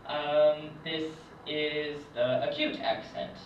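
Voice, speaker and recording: A man's voice: on the high side, little pitch movement, slow, a little hiss or hum. A young man giving a casual whiteboard lesson as a hobbyist French teacher, hesitant with many ums. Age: young adult. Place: room, writing at a board. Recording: echoey, distant, dull lo-fi camera audio.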